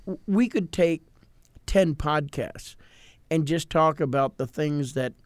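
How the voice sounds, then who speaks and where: A man, a pastor hosting a podcast, telling a funny story with animated delivery. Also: fairly high pitch, slow, no echo. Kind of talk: storytelling chat.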